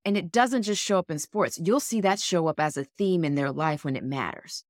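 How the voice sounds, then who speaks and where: A woman's voice: on the low side, moderate pace, dry recording, studio quality. A woman co-hosting a podcast in an earnest, encouraging coaching tone. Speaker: podcast co-host. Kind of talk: motivational casual chat.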